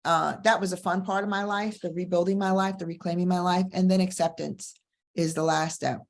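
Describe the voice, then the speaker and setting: Candid, energetic middle-aged woman coach. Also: on the low side, a little fast. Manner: candid, energetic, repeats phrases for emphasis. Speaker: divorce coach and podcast host. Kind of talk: casual motivational talk.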